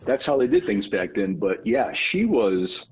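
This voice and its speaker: A man, an author guest on an interview podcast, explaining his ideas in a measured, storytelling way. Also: lowish voice, sing-song, breathy edge, rough recording. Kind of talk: conversational interview.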